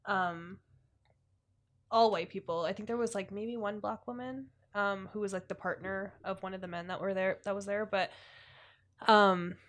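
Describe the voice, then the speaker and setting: A woman's voice: mid-range voice, fairly even intonation, normal speed, fairly bright tone. A woman in casual podcast chat, telling a story in a loose conversational way, full of "like". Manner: conversational storytelling, heavy on fillers like "like".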